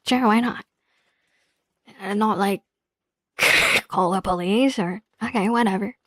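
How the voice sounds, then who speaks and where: A woman streamer reading a story game's narration aloud in a slow, hushed way, breaking off for blunt, swearing asides. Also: medium pitch, no room sound.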